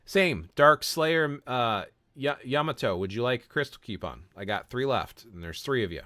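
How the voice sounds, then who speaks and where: A man with a low voice chats casually while streaming a mobile game. He talks to his viewers by name and often repeats words or restarts a thought. The sound is dry and close, with little room echo. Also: animated, a little fast, a bit bright. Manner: greets viewers by name and answers chat. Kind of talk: casual live-stream chat while playing.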